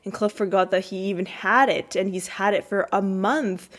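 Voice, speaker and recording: A woman's voice: normal speed, a bit bright. A woman hosting a podcast, casually recapping a TV episode in a rambling way, with many fillers and restarts, her voice jumping up when she quotes characters. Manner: jumps high when quoting characters. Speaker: podcast host.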